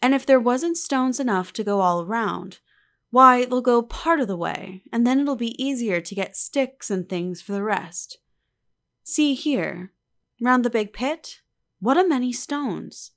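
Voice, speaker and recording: Young village girl, playful and eager, raised and lively, voiced by a woman reading the book. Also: on the high side, unhurried, voice pushed up. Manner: eager, bright and coaxing.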